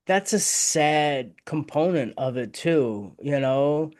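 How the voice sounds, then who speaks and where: A man's voice: on the high side, expressive, slow, darkish tone. A middle-aged man, a victim advocate and interview guest, talking candidly and from the heart, often repeating words as he searches for them. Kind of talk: casual conversation.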